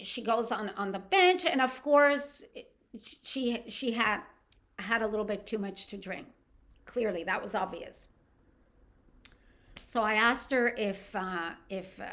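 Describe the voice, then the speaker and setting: A middle-aged woman from Canada, a podcast host telling a personal story in a casual, animated way with frequent restarts. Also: on the high side, unhurried.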